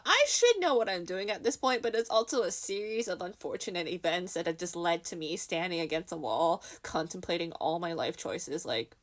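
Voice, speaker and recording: Young woman vlogger, casual storytime, lively swooping pitch, self-mocking, acts out quotes with laughs. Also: normal speed.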